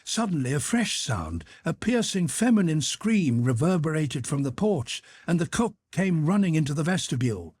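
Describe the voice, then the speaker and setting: A man reading a classic novel aloud as an audiobook narrator, expressive and dramatic. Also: fairly high pitch, normal speed, hardly any pauses, breathy edge, dry recording. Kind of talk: scripted narration.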